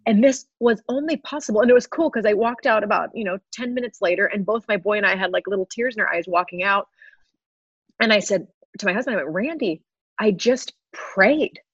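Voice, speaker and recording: A woman's voice: medium pitch, fast, a bit bright, slightly rough, no echo. A woman in her thirties, a guest sharing an earnest personal testimony with frequent laughs. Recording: slightly dull lo-fi recording.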